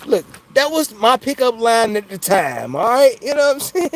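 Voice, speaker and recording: Man, casual livestream chat, easygoing and joking, frequent laughter, expressive up-and-down voice. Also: very high-pitched, moderate pace, slight background noise, low-quality recording. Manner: loose and jokey, laughs often, keeps asking "you know what I'm saying". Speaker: livestream host chatting with viewers.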